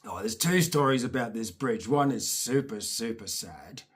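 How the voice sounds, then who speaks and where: A man's voice: mid-range voice, animated, moderate pace, husky. A man telling a rambling, profane childhood story in a casual, chatty way.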